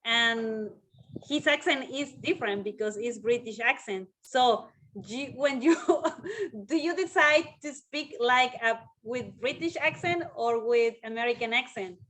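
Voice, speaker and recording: Mexican woman host, fairly high voice. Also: measured pace, rough recording. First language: Spanish. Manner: chatty, lively questions, laughs. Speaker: interview host. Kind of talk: casual video-call interview.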